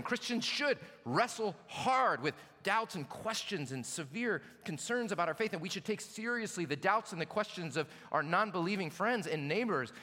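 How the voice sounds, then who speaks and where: A man preaches a sermon, his bright voice swinging widely in pitch. He slips into playful acted asides, and his words ring with a long reverb from a large hall. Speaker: pastor.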